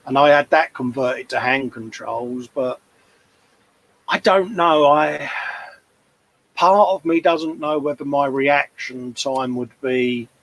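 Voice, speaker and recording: A man in his fifties with an East London accent co-hosts a model-building livestream, chatting casually and wandering through rambling anecdotes. His voice is mid-range and a bit bright, and he takes it slowly. The audio quality is poor.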